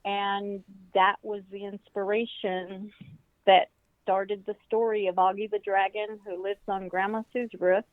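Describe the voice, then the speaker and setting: Older female guest with a thin phone-line sound, animated storyteller who acts out quotes. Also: mid-range voice, measured pace, no room sound. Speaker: guest, author. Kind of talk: storytelling in an interview. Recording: tinny phone-like line, dry.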